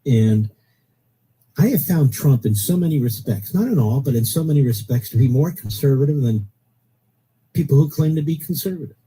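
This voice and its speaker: A man's voice: medium pitch, animated, moderate pace, warm tone, husky, low-quality recording. Blunt opinionated talk radio man. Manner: blunt, opinionated, emphatic repetition. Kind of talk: political talk radio monologue.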